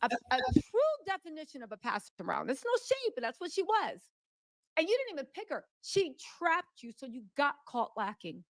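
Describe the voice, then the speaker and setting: A woman's voice: sits high, wildly swooping pitch, moderate pace, dry recording. A woman co-hosting a casual talk stream, explaining gossip in a confident, matter-of-fact way. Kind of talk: casual podcast commentary.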